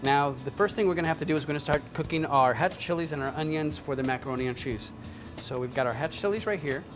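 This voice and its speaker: A chatty man hosts a cooking show, keeping things upbeat and talking straight to the viewer. His voice sits a bit high for a man, with music playing clearly underneath. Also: fast talker. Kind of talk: casual cooking demonstration. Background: sizzling pan and background music.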